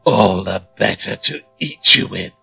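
A man voicing a sly, hungry male wolf disguised as a grandmother, speaking in a high, slow, trembling voice. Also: vocal fry, pushed and bright, slightly rough, faint music behind, exaggerated voice.

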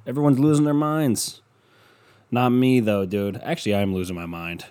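Young male podcast host, lowish voice, loud, swearing, rambling casual monologue from home. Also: fairly quick, clear, resonant tone. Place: room at home.

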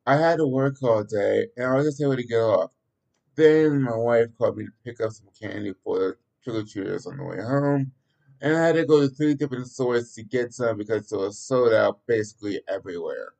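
A man's voice: mid-range voice, a little fast, creaky, darkish tone, natural voice, low-quality recording. A man voicing a tired, guilty divorced father in a read-aloud story, speaking awkwardly and with hesitation.

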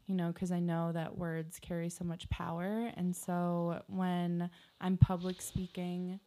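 Slow, mellow young woman co-host. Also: fairly low pitch, monotone, slight background noise. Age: young adult. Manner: slow, grounded, pausing with many fillers. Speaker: podcast co-host. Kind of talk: casual chat.

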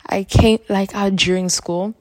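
A woman's voice: mid-range voice, steady tone, unhurried, darkish tone, dry recording. A teenage girl with a runny nose, rambling through a casual solo podcast story with lots of fillers. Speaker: podcast host.

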